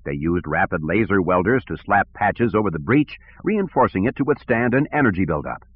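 A man narrating an audiobook in a steady, measured way, on a tinny recording. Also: deep voice, breathy edge. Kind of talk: scripted narration. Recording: tinny phone-like sound.

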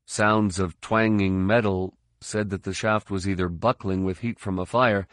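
Low, slow male audiobook narrator. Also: steady tone, fairly bright tone, no echo, studio quality. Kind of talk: scripted narration.

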